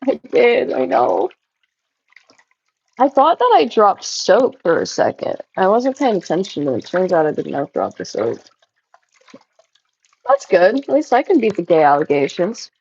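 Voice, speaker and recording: A young woman livestreaming, telling stories in casual chat and jumping into high-pitched voices when she quotes people. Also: huge pitch swings, unhurried, pauses often, a little mellow, slightly rough, dull audio. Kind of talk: casual live-stream chat. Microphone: phone.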